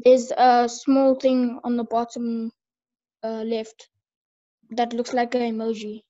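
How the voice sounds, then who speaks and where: A woman student explaining something to her teacher in a halting way, searching for words. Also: fairly high pitch, completely flat delivery, warm tone. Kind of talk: hesitant classroom explanation. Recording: dull lo-fi call audio.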